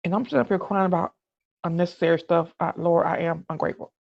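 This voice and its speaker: A middle-aged podcast host speaks in a candid, earnest monologue with a gravelly edge, often starting over mid-sentence. The recording is dull and lo-fi, with no room sound at all. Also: medium pitch, fairly even intonation, fast talker, dry recording. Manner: earnest, with restarts and "you know what I'm saying".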